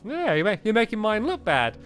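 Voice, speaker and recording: High-voiced laughing gaming host. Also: male voice, huge pitch swings, a little fast, a bit bright, clear, resonant tone. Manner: laughing, playful teasing. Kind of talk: casual gameplay chat. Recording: light background music.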